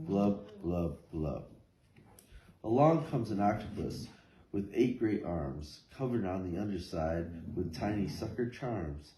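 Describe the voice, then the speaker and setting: A man reading a rhyming picture book aloud with a steady rhythmic lilt. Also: low voice, slow pace. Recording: echoey room, faint noise.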